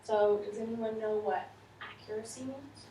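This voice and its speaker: A woman's voice: on the high side, normal speed. Teacher woman in an echoey classroom. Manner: lively, questioning, reads aloud to children. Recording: echoey room from far off, faint noise.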